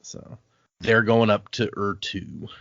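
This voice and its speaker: A man's voice: lowish voice, slow, creaky, a bit bright. A man co-hosting a book podcast, casually recapping chapters and acting out characters' lines. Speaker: podcast co-host. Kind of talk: casual book-club chat. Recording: dull, dry home podcast mic.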